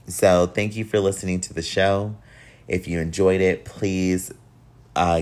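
A young man hosting a solo podcast with a nasal voice, talking candidly and encouragingly in a casual way, sometimes swearing. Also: low voice. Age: young adult. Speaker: podcast host.

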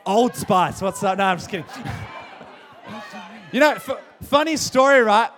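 A young Australian man, a youth pastor, hosting a youth service in a big hall, hyped and jokey, often shouting out to the crowd. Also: high-pitched, animated, a little slow. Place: large hall with live audience.

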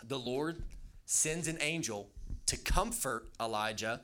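A man's voice: medium pitch, slow, bright, forceful tone. A young man preaching a casual youth sermon, chatty and loose, with jokey asides and lots of fillers. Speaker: youth pastor.

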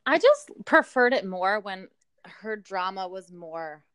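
A woman's voice: medium pitch, very animated, takes it slowly, a bit bright, clear, resonant tone, no echo. A woman co-hosting a podcast, giving blunt, wry opinions and laughing while chatting about a reality show. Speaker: podcast co-host. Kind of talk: casual reality-TV recap chat.

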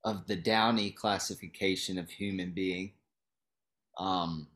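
A young man with a lowish voice in a loose podcast conversation. He rambles, leans on fillers and keeps laughing through his own points. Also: fairly even intonation, unhurried, a bit bright. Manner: rambling, laughs while talking, frequent fillers. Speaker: podcast co-host. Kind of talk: casual chat.

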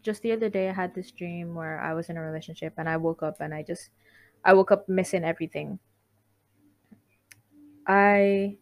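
A young woman at an ordinary pitch talks straight to her listeners in a casual confessional monologue. She rambles, cuts herself off mid-thought and giggles between lines, candid and heartfelt. She sounds like a podcast host chatting on her own show. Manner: rambling, self-interrupting, giggly.

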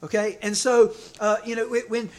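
A man's voice: high voice, level tone, normal speed. Conversational man preaching a sermon. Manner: conversational, repeats words, asks congregation for amens. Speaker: pastor.

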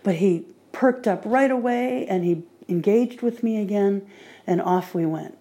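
A woman talking on her own podcast in a casual monologue, calmly recounting her day. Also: mid-range voice, a little slow. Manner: relaxed diary-like recounting. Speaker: podcaster training with a guide dog.

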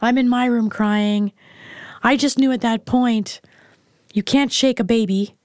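Middle-aged mother as interview guest, blunt candid storyteller, slightly higher register, dry room. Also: steady tone, unhurried, a little mellow, no room sound. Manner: frank and blunt, plain-spoken.

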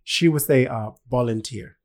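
Relaxed, teasing male podcast co-host. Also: medium pitch, fairly quick. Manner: relaxed, teasing, lots of backchannel. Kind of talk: casual podcast chat.

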